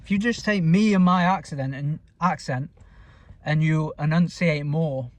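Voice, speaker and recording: A man's voice: fairly high pitch, moderate pace, dry recording. A man with a northern English accent talks through a casual vlog. He is blunt and sweary, and he mumbles and rambles. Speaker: vlogger. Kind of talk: casual self-talk vlog.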